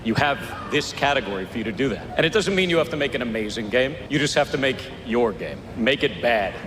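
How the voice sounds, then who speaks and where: A man's voice: mid-range voice, animated, a little fast. A man gives a grateful, earnest award acceptance speech in a mid-range voice. The live event recording is full of noticeable noise.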